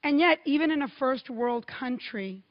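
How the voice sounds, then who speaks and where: A middle-aged woman from Cuba giving a keynote speech to a conference audience, telling stories with lively, emphatic pauses. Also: sits high, muffled recording. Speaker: keynote speaker. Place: large hall. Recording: long hall reverb.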